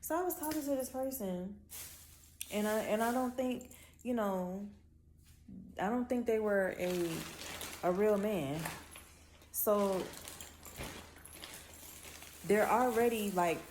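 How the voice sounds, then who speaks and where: A woman with a Miami accent talks straight to her audience in a blunt, profane rant. Her voice sits at an ordinary middle pitch and she drags words out to make a point. A faint hum of ambient noise runs underneath. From Miami, Florida. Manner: blunt, profane, animated storytelling with drawn-out words. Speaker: vlogger. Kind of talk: casual ranting monologue.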